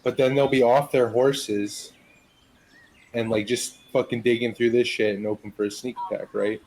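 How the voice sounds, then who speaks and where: A man's voice: mid-range voice, normal speed, slight background noise, low-quality recording. Dude at a tabletop game talking out his plan, swearing a lot, worked up. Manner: excited, swears, plans aloud. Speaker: player. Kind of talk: casual tabletop game chat.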